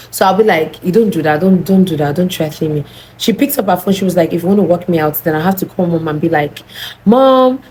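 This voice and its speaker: A young Nigerian woman with a Nigerian accent telling a storytime vlog, animated and acting out both sides of the dialogue. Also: on the low side, slight background noise, rough recording. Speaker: vlogger.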